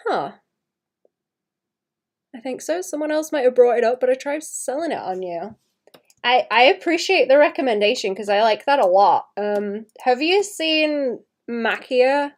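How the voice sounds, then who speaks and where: Chatting loosely as she draws on a live stream, a young woman from Wales laughs often and rambles, her light Welsh accent audible. Her voice is fairly high in pitch and a little mellow.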